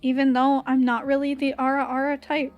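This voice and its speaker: A woman's voice: sits high, little pitch movement, fairly quick, lo-fi sound, faint music behind. A young woman with a Valley girl accent, chatting casually on stream while drawing, giggly and full of "like" fillers.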